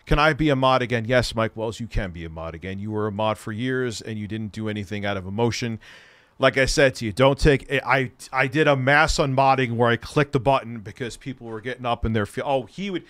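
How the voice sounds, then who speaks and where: A male livestream host in a heated, swear-filled rant, swinging between flat muttering and loud outbursts. He says he is stoned, and his mid-pitched voice sits close and dry on the mic. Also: brisk, no room sound. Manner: profane, angry, shouting at times.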